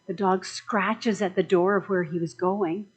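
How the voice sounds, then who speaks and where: A woman's voice: medium pitch, fairly even intonation, unhurried, breathy edge, low-quality recording. A woman minister giving a chatty, joking sermon in a conversational way.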